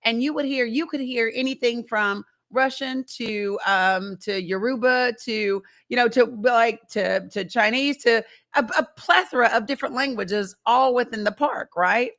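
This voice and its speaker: A woman's voice: a little high, unhurried, few pauses, fairly bright tone. An older woman hosting a livestream, telling a personal story in a chatty way and speaking directly to her viewers. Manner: chatty, conversational, addresses the audience directly. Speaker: livestream host. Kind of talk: casual storytelling to a live chat.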